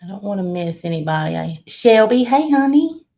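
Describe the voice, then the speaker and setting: A woman's voice: medium pitch, sing-song, moderate pace, mellow. A woman hosting a casual live stream, greeting viewers one by one and laughing often. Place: laundry room. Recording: dull lo-fi stream audio.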